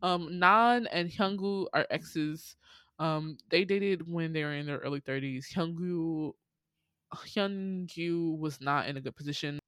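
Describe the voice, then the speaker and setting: A woman casually recapping a dating show on a podcast, animated, laughing and playfully exasperated as she tells it. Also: sits low, measured pace, clean tone, dry recording. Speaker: podcast host.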